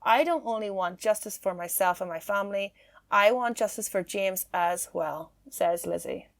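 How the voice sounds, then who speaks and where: A woman hosting a casual true-crime podcast, chatty and quick to laugh. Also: medium pitch, vocal fry. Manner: chatty, laughs easily, filler-heavy. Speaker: podcast host.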